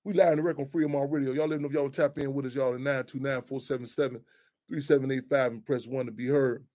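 A man's voice: medium pitch, fairly even intonation, quick pace, warm tone. A man hosting a radio talk show, speaking in loose, profane street talk full of restarts.

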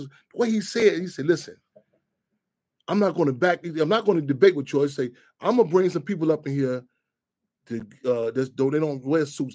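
Heated, high-pitched man hosting a radio show. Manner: animated, heated, swearing freely. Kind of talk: casual talk radio monologue.

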